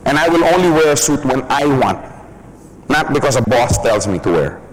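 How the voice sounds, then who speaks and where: A man's voice: medium pitch, very animated, moderate pace, a little hiss or hum, rough recording. A man giving a business training seminar in a chatty manner, often laughing and acting out examples.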